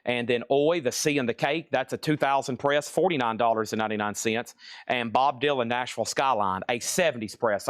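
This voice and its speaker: A man's voice: mid-range voice, dry recording, studio quality. Chatty man calling out record prices. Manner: brisk, chatty, lists items and prices. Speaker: seller running a live record sale. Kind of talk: live auction and price calling.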